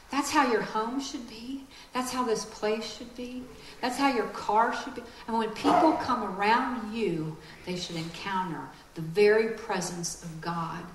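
A woman with a fairly high voice gives a sermon in a lively, conversational way, tossing in quick asides as she goes. The room is echoey, with faint ambient noise behind her. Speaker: speaker.

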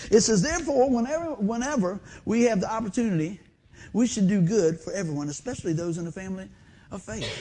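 A man preaching a sermon in a folksy storytelling manner, swinging from loud bursts to quiet asides. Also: high voice, slight background noise. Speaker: pastor.

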